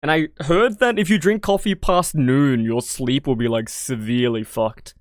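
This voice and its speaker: A woman's voice: rumbling low, normal speed, dry recording, clean studio sound. An Australian woman streamer chatting casually through a game playthrough, laughing and swearing as she rambles.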